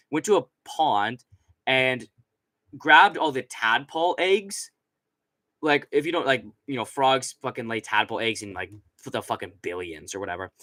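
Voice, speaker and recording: Bright, rambling young man streaming. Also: fairly high pitch, no echo. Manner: rambling, profane, many fillers. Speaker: streamer host. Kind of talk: casual late-night stream chat. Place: seated at a computer. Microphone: desk microphone right in front.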